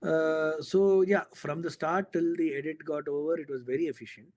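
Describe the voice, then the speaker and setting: Animated man telling a story. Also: a little high, moderate pace. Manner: animated storyteller, acts out quoted dialogue. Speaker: filmmaker guest. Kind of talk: casual storytelling interview.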